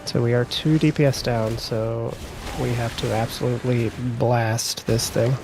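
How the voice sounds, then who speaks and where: A gravelly-voiced man leads a raid over voice chat, calmly calling out tactics and timings. Loud game music plays under his voice. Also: medium pitch, measured pace. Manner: calls out tactics and countdowns. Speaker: raid leader.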